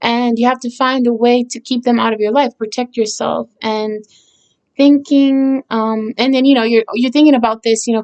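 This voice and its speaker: Rambling woman songwriter, fairly high voice. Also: level tone, moderate pace, a little mellow, smooth. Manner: rambling, many fillers and restarts, chuckles often. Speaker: songwriter discussing her song. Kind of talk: casual explanatory talk.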